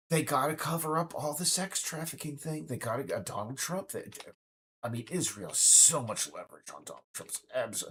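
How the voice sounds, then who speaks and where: A man's voice: mid-range voice, a bit bright, husky. A man in his fifties speaking in a casual, indignant, rambling monologue full of restarts. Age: 50s. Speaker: game developer vlogger.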